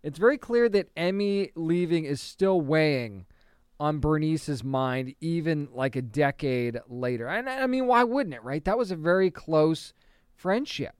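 A man's voice: fairly high pitch, expressive, a little slow, smooth, no room sound, studio quality. A man chatting casually and enthusiastically as he reviews comic books, often restarting his sentences and laughing a little.

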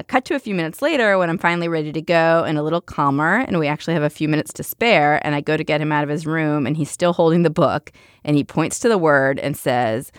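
A woman's voice: low-pitched, quick pace, dry recording, clean studio sound. A woman in her thirties, a podcast co-host chatting casually, rambling through stories with frequent fillers and laughs. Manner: rambling storyteller, laughs often. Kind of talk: casual chat.

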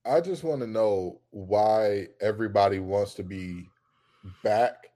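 A man co-hosting a casual sports debate show, arguing his points with heat and climbing into loud, emphatic rants. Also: on the low side, slow pace.

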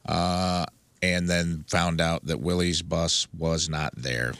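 Low voiced comedian guy rambling thru a story, dry close mic. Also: steady tone, vocal fry, a bit bright, no echo. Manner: laid-back storyteller, drawn-out anecdotes. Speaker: comedian and show regular. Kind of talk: casual podcast chat.

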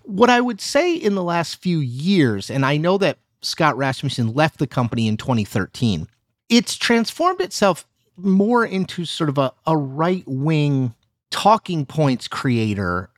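Dry, animated male journalist. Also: a little high, unhurried, no room sound. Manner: animated, emphatic, hedges with "you know". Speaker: journalist guest. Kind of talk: conversational explanation.

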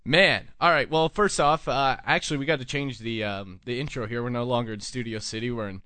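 A man's voice: mid-range voice, a little fast, sharp tone, clean tone, no echo. A man in his twenties hosting a live call-in talk show, telling rambling, jokey stories with crude language. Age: 20s. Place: small studio.

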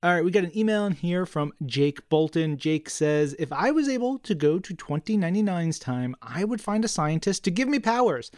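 A man's voice: high voice, animated, moderate pace, few pauses, darkish tone, no echo, clean studio sound. A man co-hosting a podcast in a friendly way, reading listener emails and asking the guest questions. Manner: friendly, reads emails aloud. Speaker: podcast co-host. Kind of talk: casual podcast chat.

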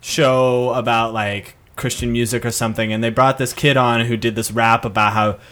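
A man with a light Tennessee twang tells a story in a loose, laughing way. He is a co-host on a casual podcast. His voice sits at an ordinary middle pitch. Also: steady tone, moderate pace, a bit bright. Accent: Southern US, Tennessee. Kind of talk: casual chat.

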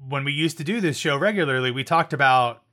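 A man co-hosting a podcast, with a fairly high and very bright, forceful voice. He chats casually, restarts his sentences often and trades jokes. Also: fast talker. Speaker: podcast co-host. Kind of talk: casual chat.

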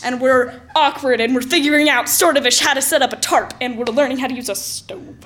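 A woman with a high voice tells a personal story aloud. She is animated and self-mocking and plays up the drama for comic effect. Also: a little fast. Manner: lively, self-mocking, exaggerated.

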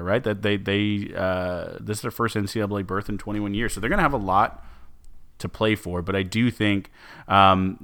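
A man's voice: deep voice, a bit bright, clean tone, no room sound. A man co-hosting a sports podcast, chatting casually with lots of fillers and restarts. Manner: chatty, many fillers and restarts, laughs easily. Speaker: podcast co-host.

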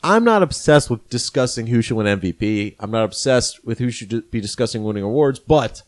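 Guy cohost arguing hard for his pick, earnest, mid pitch. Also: lively intonation, a little fast. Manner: earnest, opinionated. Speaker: podcast co-host. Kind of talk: casual chat.

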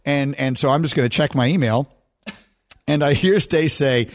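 This sports radio host speaks at normal speed in a medium-pitched voice from a studio microphone. Telling stories in easygoing banter, he's animated and often laughs at what he himself says.

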